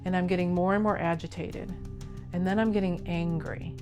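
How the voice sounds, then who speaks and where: A woman with a fairly low voice tells her own story in an unhurried, deliberate way, walking through each moment in the present tense. Soft music plays faintly behind her. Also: fairly even intonation. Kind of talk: recounted personal narrative.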